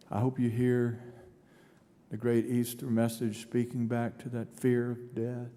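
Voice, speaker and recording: A man's voice: mid-range voice, warm tone. A male pastor preaching a sermon, dramatic and storytelling, acting out imagined speakers. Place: large church sanctuary. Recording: long church reverb.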